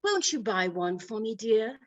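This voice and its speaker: Woman doing a spoiled socialite wife, high, gushing, drawn-out pleading. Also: very animated, dull audio. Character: pampered wealthy society wife, gushing. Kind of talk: humorous speech impression.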